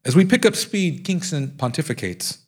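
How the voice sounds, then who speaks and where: A man with a husky, slightly breathy voice reads from his own memoir in front of listeners. He slips into lively, animated voices for the quoted speech. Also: a little high, moderate pace. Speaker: author reading from his book. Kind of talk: live reading of a nonfiction memoir.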